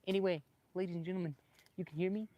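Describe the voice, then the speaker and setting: A man livestreaming casually from his backyard with a small clip-on microphone, excitable and joking with his viewers. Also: high voice, rapid-fire, dull audio. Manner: excitable, laughing, swearing, chatting with viewers. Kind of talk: casual live stream chat. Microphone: small clip-on microphone with a phone.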